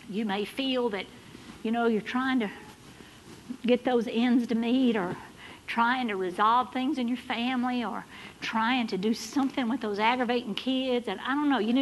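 High-voiced woman preaching fervently. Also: a little hiss or hum, low-quality recording. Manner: builds to fervent, loud exhortation with Southern turns of phrase. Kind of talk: sermon. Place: church sanctuary.

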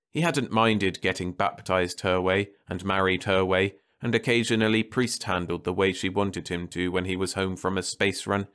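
A man narrating a bleak science fiction story in a calm, measured bedtime reading. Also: deep voice.

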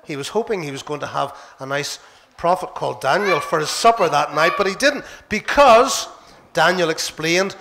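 A man with a Northern Irish accent, a minister telling a Bible story to children in church, playful and animated. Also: fairly high pitch, moderate pace, creaky, background noise.

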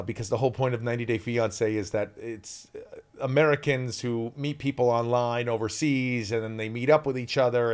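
A man's voice: lowish voice, a little mellow. A man in his forties from the US East Coast, a guest chatting casually in an interview, rambling and interrupting himself.

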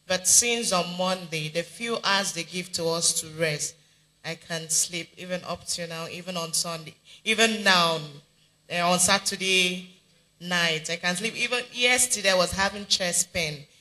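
A man's voice: high voice, bright, forceful tone, poor audio. A man with a Nigerian accent giving an earnest church testimony, repeating phrases. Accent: Nigerian English.

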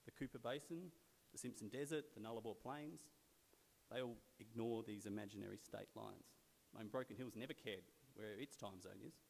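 Australian man, forties, low-ish voice, wry storytelling speech, long hall reverb. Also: fairly quick, creaky, a little hiss or hum. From South Australia. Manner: conversational, wry storyteller with frequent fillers. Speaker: guest speaker at a club luncheon. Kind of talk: anecdotal after-dinner speech. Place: large event venue in a sports stadium.

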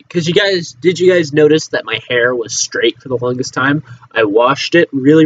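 A man's voice: medium pitch, animated, measured pace, slight background noise. Rambling teen guy on a dull laptop mic. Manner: rambling, offhand, swears casually, trails off into mutters. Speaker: vlogger. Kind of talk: casual rambling chat to camera. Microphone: laptop microphone.

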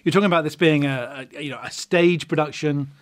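A man's voice: a little high, fairly quick. A man co-hosting a casual film chat, putting short questions to the other host.

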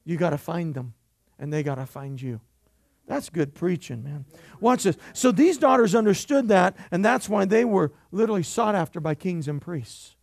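A man preaching a sermon in church, his voice pitched high with a gravelly edge. He mixes playful jokes into emphatic preaching and keeps calling out for amens. The sound is close and dry. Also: animated, normal speed, darkish tone, no room sound. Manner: emphatic, jokey preaching with call-and-response. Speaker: pastor.

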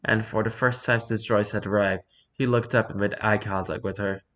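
A man narrating a story in a calm, measured reading. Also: lowish voice.

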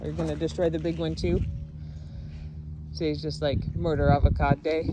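A woman's voice: low-pitched, little pitch movement, a little fast. A woman vlogger talking fondly to her animals, teasing and scolding them. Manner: fond scolding pet talk. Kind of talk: talking to pets. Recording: noisy background.

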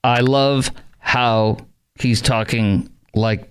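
A man's voice: medium pitch, normal speed, fairly bright tone. A man hosting a talk radio show, delivering a sarcastic, rambling opinion monologue with mocking asides.

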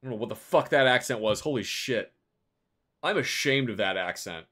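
A man streaming a video game, making sarcastic casual commentary with sudden loud outbursts. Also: medium pitch, expressive, normal speed.

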